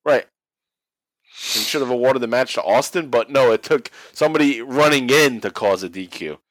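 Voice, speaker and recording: A man talks through a match in loose, profane podcast chatter, laughing often and slipping into goofy voices. His voice sits at an ordinary middle pitch. It is recorded close and dry. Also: moderate pace, fairly bright tone, no room sound, low-quality recording. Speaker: podcast co-host recapping wrestling. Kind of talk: casual chat, play-by-play recap.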